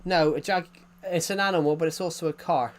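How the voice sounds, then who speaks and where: A man's voice: a little high, brisk. Rambling English man streamer, chatty. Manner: rambling, repeats and restarts phrases. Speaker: live streamer reading chat. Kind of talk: casual chat to stream viewers.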